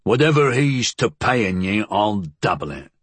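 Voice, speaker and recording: A man voicing a big, brooding working-class tavern keeper who talks in a rough dialect. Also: fairly low pitch, big pitch swings, a little slow, no echo, exaggerated voice. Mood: gruff.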